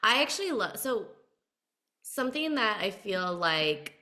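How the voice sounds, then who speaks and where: A woman's voice: mid-range voice, sing-song, unhurried, bright, forceful tone. A woman co-hosting a podcast, chatting casually about a film and filling her sentences with "like". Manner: chatty, leans on "like" as a filler. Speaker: podcast co-host.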